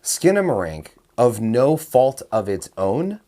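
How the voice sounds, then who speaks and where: A man co-hosting a casual movie-review podcast, animated, with quick interjections and wry asides. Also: mid-range voice. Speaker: podcast co-host.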